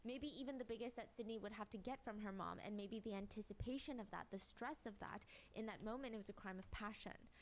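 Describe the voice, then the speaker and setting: A woman's voice: medium pitch, fast talker, few pauses, slight background noise. A woman giving a conversational, step-by-step recap of a court case as a true-crime commentator. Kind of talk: recapping a trial to a co-host.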